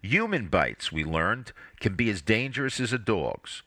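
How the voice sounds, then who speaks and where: A man reading his own family story aloud, wry and expressive. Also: lowish voice, measured pace, dry recording, studio quality. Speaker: narrator.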